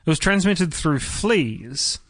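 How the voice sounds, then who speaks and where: A man with an Australian accent co-hosting a podcast in casual chat, trading deadpan absurd jokes. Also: a little high, slow pace, no room sound, studio quality. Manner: joking, deadpan absurd asides. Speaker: podcast co-host.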